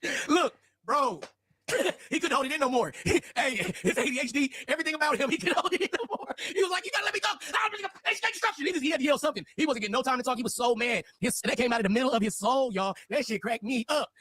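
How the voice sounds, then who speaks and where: A man's voice: extremely high pitch, expressive, fast talker, fairly bright tone. A man mocking someone's face in casual talk and laughing through his words. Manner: giggly, mocking.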